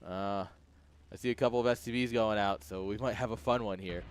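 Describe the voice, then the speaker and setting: A man with a fairly low voice and fairly even intonation speaks fairly quickly while casting a strategy game live. Working as a streamer from his home webcam room, he mixes commentary with casual talk to his chat and laughs often.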